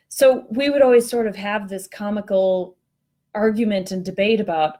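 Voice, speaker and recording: A woman's voice: medium pitch, moderate pace, a little mellow. A woman co-hosting a casual talk on workplace culture, telling a story in a chatty, self-mocking way over an online call. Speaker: co-host discussing workplace culture.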